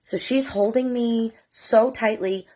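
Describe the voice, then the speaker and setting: A woman's voice: fairly high pitch, fairly even intonation, slow pace, mellow. A middle-aged woman, telling a personal story to camera in a candid, emotional, profane way. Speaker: mother telling her story.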